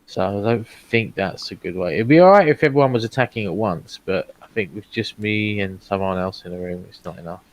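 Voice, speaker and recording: A man's voice: on the low side, fairly quick, hardly any pauses. A man playing a tabletop role-playing game, thinking aloud and weighing his options with some hesitation. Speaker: player.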